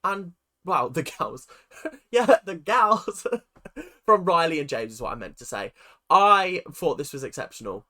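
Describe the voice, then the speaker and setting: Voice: medium pitch, sing-song, measured pace, bright, forceful tone. A reaction video host giving chatty, rambling commentary, laughing often and swearing casually.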